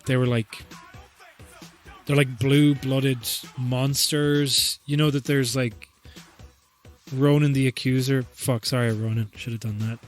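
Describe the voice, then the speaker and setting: Brief: guy, mid-pitched, loose, sweary comedic podcast rambler. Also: fairly even intonation, slow pace, faint music behind. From Ireland. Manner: profane, rambling, joking, laughs often. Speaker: podcast host.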